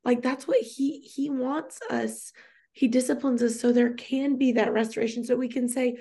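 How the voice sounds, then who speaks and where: A woman in her thirties talks through a casual faith conversation, close to tears. Her voice sits a little high and breaks into a gravelly fry. She talks in a chatty way, full of fillers and restarts. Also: fairly even intonation, normal speed, dark tone. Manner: emotional, chatty, many fillers. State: tearful. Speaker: podcast co-host.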